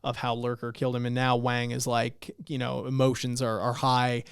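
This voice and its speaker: A man on a podcast, casually recapping a webtoon and acting out the characters' lines with swearing and excitement. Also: medium pitch, moderate pace, creaky, clear, resonant tone, no room sound, studio quality. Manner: animated retelling, acts out lines, swears. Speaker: podcast co-host.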